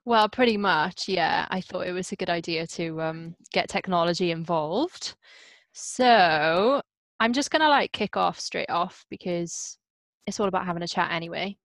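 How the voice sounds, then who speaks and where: A woman's voice: fairly low pitch, normal speed, fairly bright tone, no room sound. A young woman hosting a casual podcast chat over a video call, chatty and teasing, speaking into a headset. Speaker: podcast host.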